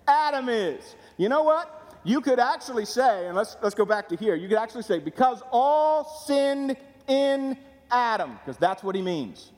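A male pastor preaching a sermon in a conversational, animated way, putting questions to his congregation. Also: high-pitched. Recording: long hall reverb.

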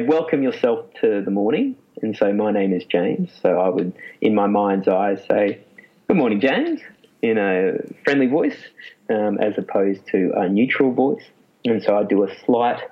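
A man, a psychologist being interviewed, explaining in a lively way and laughing often. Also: fairly low pitch. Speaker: clinical psychologist guest. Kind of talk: casual interview talk. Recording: muffled lo-fi sound.

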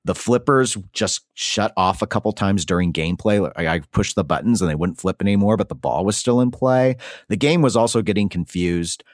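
A man's voice: fairly low pitch, moderate pace, no echo, studio quality. A man co-hosting a podcast, chatting casually and reviewing games, thinking aloud as he goes. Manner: conversational, thinks aloud with restarts. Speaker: podcast co-host.

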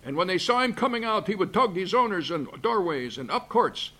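A man playing a grumpy curmudgeon who reads a holiday story aloud with gruff asides and chuckles. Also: sits high, expressive, a little fast, pushed and bright, full character voice. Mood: grouchy. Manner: gruff asides, chuckling, stumbling over words. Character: grumpy Scrooge-loving male curmudgeon reading a story. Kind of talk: comic reading of a holiday story. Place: backstage at a museum.

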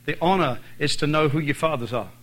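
A man's voice: a little high, fairly quick, a bit bright, poor audio. A man with an Irish accent preaching a sermon as a visiting preacher, driving points home by repeating phrases. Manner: emphatic, repeats phrases for stress.

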